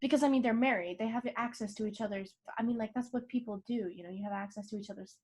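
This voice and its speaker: A woman's voice: a little high, fast. A woman co-hosting a casual podcast, retelling a movie plot with profanity and acted-out lines. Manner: animated, profane, acts out movie scenes. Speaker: podcast co-host.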